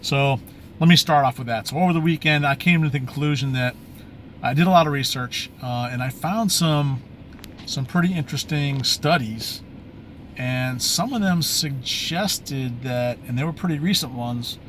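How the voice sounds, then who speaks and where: A man's voice: medium pitch, moderate pace, a bit bright, a little hiss or hum. A man talking candidly in a casual video diary, rambling with many fillers and restarts, recorded outdoors on a camera or phone mic. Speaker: vlogger. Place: outdoors in bright sun, maybe by a vehicle.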